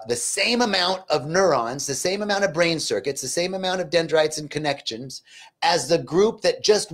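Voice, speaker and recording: A man giving an inspirational spiritual talk, then leading a guided gratitude meditation with fervent, repeated affirmations. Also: fairly high pitch. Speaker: spiritual teacher. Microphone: livestream.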